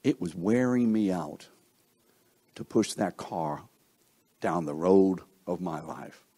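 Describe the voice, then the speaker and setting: A man's voice: low-pitched, lively intonation, slow, dark tone, slightly rough. A man preaching a sermon in a conversational way, often asking his listeners questions and acting out what people think. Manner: conversational, asks the listeners questions, acts out quoted thoughts.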